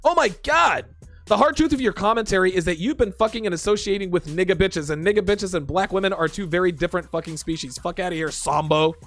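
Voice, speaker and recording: A man's voice: high voice, fast talker, few pauses, soft background music. A man hosting a dating commentary show, ranting in exasperation at viewer comments with profane sarcasm.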